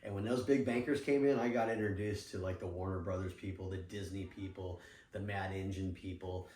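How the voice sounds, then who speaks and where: A middle-aged man with a somewhat low voice spins animated business stories, slipping into the voices of people he quotes and cursing casually. He sits back from the mic, so the sound is roomy and distant. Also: fairly quick, slight background noise. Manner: animated, acts out quoted dialogue, swears freely. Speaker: podcast guest, surf apparel businessman. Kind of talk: casual storytelling interview.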